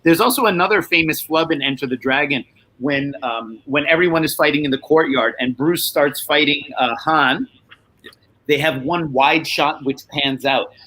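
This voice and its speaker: A man's voice: on the high side, normal speed, pushed and bright, low-quality recording. A man guest explaining film trivia in a casual discussion, telling it as a story.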